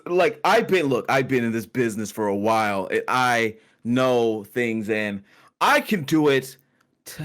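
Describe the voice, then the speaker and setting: A man playing a bragging old-hand innkeeper. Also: medium pitch. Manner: drawling, boastful, addresses others as y'all. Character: boastful male innkeeper, seasoned adventurer.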